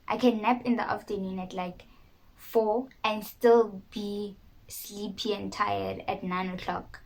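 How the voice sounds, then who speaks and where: A young South African YouTuber talks casually to camera for her viewers in a candid, self-mocking vlog. Her voice is mid-range, and the audio quality is poor.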